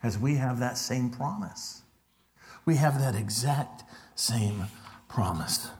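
A middle-aged man preaching a sermon as pastor, in a conversational way that drops to hushed tones for emphasis. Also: medium pitch, takes it slowly.

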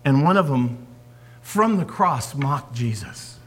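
A man preaching a sermon as a pastor, swinging from forceful emphasis down to hushed whispers. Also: mid-range voice, animated, slow pace.

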